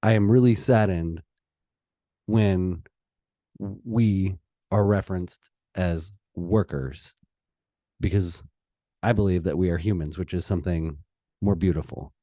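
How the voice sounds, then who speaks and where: A man giving a heated solo opinion monologue as a political commentator, pausing and restarting as he gets worked up. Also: sits low, dark tone, no echo, clean studio sound. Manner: impassioned, heated, with pauses and restarts.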